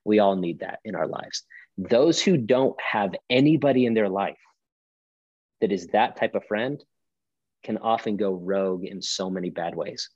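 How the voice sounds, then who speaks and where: Brief: male pastor guest, low voice, emphatic preaching cadence, dull lo-fi sound. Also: darkish tone, no room sound. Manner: emphatic, preacherly, rhetorical questions. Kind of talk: podcast conversation.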